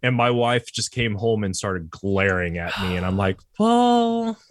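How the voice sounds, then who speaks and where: A man in his thirties chatting casually, telling lively stories about his kids and swearing freely. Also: low-pitched, normal speed, no echo. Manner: animated storytelling, swears freely. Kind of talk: casual chat.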